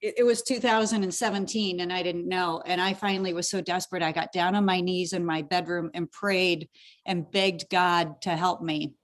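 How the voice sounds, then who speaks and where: A woman's voice: fairly low pitch, steady tone, normal speed. A woman hosting a podcast, chatting casually and emotionally with her guest, often restarting her sentences. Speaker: podcast host. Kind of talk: casual interview chat.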